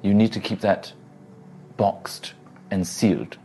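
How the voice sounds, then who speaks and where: A man voicing a pompous, educated scholar in a lofty persuasion voice, with soft music behind. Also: on the low side, slow. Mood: haughty.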